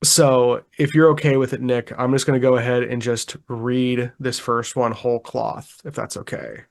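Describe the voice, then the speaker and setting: A man co-hosting a podcast in casual chat, reading a witness account aloud in a relaxed, chuckling way with frequent ums and restarts. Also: mid-range voice, moderate pace, creaky. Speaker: podcast co-host.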